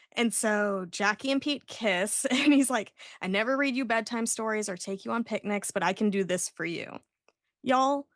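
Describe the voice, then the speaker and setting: A woman, hosting a podcast and retelling an episode in an animated way, acting out the characters' lines. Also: medium pitch, no echo, clean studio sound. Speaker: podcast host recapping an episode. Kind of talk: casual podcast recap.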